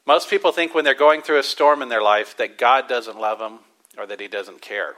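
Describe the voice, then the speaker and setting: A man with a bright, ringing voice preaches in a church. He leans hard on key words, slows them down for weight, then drops almost to a murmur before building up again. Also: medium pitch, rough recording. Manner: emphatic preaching with drawn-out stresses and sudden soft drops. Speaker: pastor. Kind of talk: sermon.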